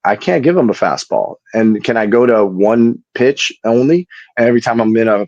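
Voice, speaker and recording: A middle-aged man and former baseball pitcher talking casually as a podcast guest, telling stories and often repeating words as he starts sentences. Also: animated, moderate pace, a little mellow, no room sound, highs cut off. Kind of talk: casual chat.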